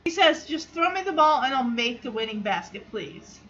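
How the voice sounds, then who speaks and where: A woman's voice: sits high, big pitch swings, normal speed, a bit bright, lo-fi sound, slight background noise. A woman hosting a podcast, recapping a sitcom episode in a chatty way, full of "like" and quoted lines she acts out. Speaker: podcast host.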